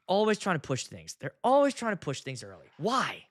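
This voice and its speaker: A man's voice: high-pitched, huge pitch swings, a little fast, fairly bright tone. A man in his thirties, a wedding DJ, talking in a blunt, profane, casual monologue. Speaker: wedding DJ and video host.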